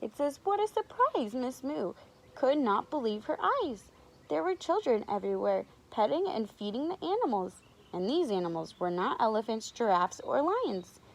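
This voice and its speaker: A woman teacher reading a picture book aloud to young children, animated, stopping to ask them to guess. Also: fairly high pitch, normal speed, gravelly, rough recording. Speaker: preschool teacher.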